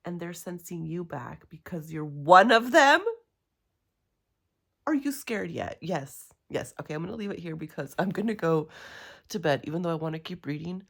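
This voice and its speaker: A woman chatting casually in a reading vlog, rambling and excitable with many fillers. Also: on the low side, brisk, creaky. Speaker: book vlogger.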